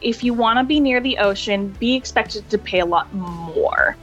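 A woman guest in a casual interview, telling lively stories, laughing often and acting out voices. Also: mid-range voice, moderate pace, lo-fi sound, faint music behind. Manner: animated, laughs often, acts out quoted voices. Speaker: interview guest, hotel hospitality worker.

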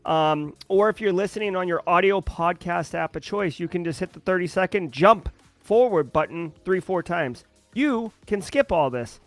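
A man's voice: sits high, animated, normal speed, no echo, soft background music. A man hosting a daily livestream in casual, upbeat chat, greeting viewers by name. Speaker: livestream host.

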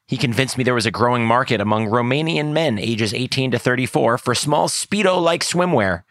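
Blustery, bright-voiced comic host. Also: male voice, mid-range voice, brisk, few pauses, no echo, studio quality. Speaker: sketch comedy host. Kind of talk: sketch comedy acting.

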